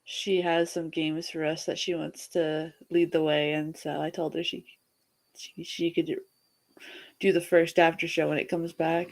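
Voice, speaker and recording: A woman's voice: low voice, level tone, unhurried, creaky. A woman casually chatting and joking while hosting a movie watch-along, greeting viewers by name. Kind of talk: casual chat over a movie.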